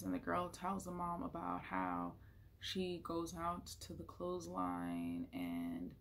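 Woman book vlogger, low gravelly voice, chatty and rambling, recorded at home. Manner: chatty, emotional, lots of fillers. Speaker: book reviewer. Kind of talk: casual monthly reading wrap-up.

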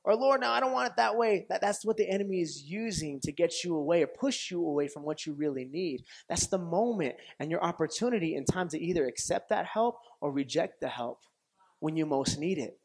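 A man preaching a sermon as pastor, telling stories with lively acted-out quotes and frequent laughter, often restarting phrases and checking with his audience. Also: fairly high pitch, a little fast, husky. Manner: animated storytelling, acts out quoted voices, laughs often; repetitive restarts, asks audience questions.

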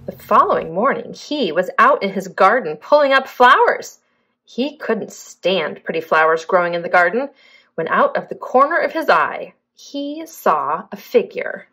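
A woman's voice: mid-range voice, very animated, measured pace, a bit bright, husky. A young adult woman, a preschool teacher, reading a picture book aloud expressively and asking young children questions.

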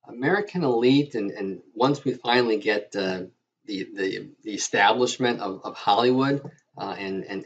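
A man lecturing as a history teacher, with a halting delivery full of fillers and restarts. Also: on the low side, slightly rough. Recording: dull lo-fi lecture audio.

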